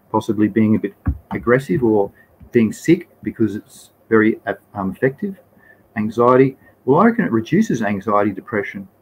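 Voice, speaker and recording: A man's voice: fairly low pitch, a little hiss or hum, rough recording. A young Australian man hosting a casual live stream, reading from slides in a rambling way and greeting viewers in the chat.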